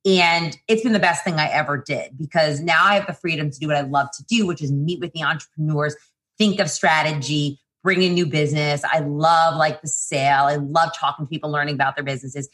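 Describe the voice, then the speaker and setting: A woman who founded a PR agency, talking casually and quickly in an interview, with lots of fillers and restarts. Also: low-pitched, a bit bright.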